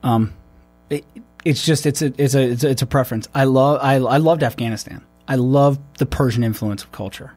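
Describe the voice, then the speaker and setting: A man's voice: medium pitch, fairly quick, darkish tone, slightly rough, no echo, faint music behind. A man, a military veteran, talking in a loose, rambling way with many restarts and fillers. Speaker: podcast host. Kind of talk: casual conversation.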